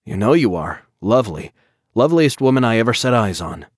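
A man's voice: on the low side, very animated, a little fast, breathy edge, dry recording, clean studio sound. A man reading an audiobook, voicing a nervous, eager middle-aged married man who speaks hesitantly. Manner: hesitant, fumbling.

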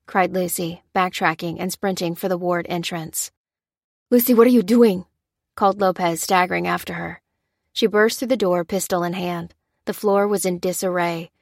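Woman audiobook narrator, steady and lowish, dry close read. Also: normal speed, creaky, no echo. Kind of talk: scripted narration.

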